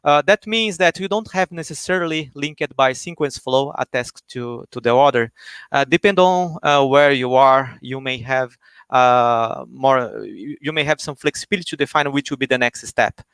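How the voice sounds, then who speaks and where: Man explaining software on a video call. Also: mid-range voice, moderate pace, clean tone, dry recording. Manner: many fillers and restarts, explanatory. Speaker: guest speaker, software engineer. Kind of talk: technical explanation on a live stream.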